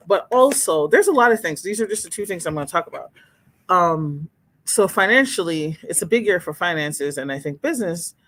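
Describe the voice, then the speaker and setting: A woman hosting a livestream in casual chat, speaking candidly and expressively to viewers as she reads their comments. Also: on the low side. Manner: candid and expressive, exclaims and laughs, talks straight to viewers.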